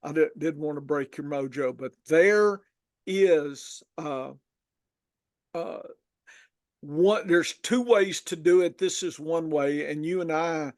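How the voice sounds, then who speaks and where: A man's voice: fairly high pitch, slow pace, a little mellow, no echo, clean studio sound. A man with a Southern US accent, from Arkansas, hosting a podcast in a rambling, folksy way. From Arkansas, USA. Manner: rambling, folksy, lots of restarts. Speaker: podcast host. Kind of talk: casual podcast chat.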